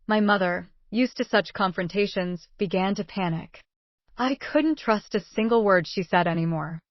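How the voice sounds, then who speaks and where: A woman reading a first-person story aloud as narrator, in an earnest, steady manner. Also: medium pitch, normal speed, dry recording, dull audio.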